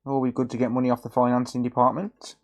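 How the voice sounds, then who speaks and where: A man's voice: mid-range voice, completely flat delivery, fast talker. A man chatting casually on a live stream while fixing electronics, often muttering and teasing viewers.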